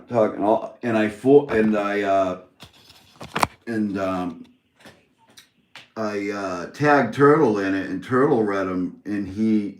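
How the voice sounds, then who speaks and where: A man's voice: on the low side, a little mellow. A man calling in to a live stream, chatting casually and rambling with many fillers and restarts. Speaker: caller on a live call-in stream. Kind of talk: casual chat. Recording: roomy echo on the line.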